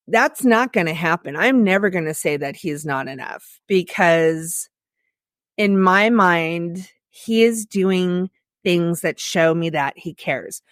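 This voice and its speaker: A woman's voice: lowish voice, no room sound, clean studio sound. A woman co-hosting a podcast, talking casually about her partner and often laughing. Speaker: podcast co-host. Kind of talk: casual chat.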